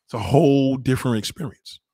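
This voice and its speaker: A man's voice: medium pitch, a little fast, breathy edge, no room sound. A man ranting and telling a story in casual, profane slang, acting out the voices. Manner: loud, animated, swears constantly, acts out voices. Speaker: vlogger.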